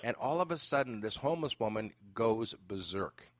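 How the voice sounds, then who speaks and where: A man hosting a podcast interview, telling an animated story with many fillers. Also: mid-range voice, normal speed, no echo. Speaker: podcast host. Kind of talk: casual interview chat.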